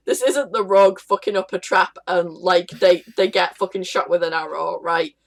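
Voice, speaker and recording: A woman co-hosting a podcast, ranting excitably and swearing a lot. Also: on the low side, normal speed, vocal fry. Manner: excitable, sweary, acts out voices in rants. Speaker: podcast co-host. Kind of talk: casual podcast chat.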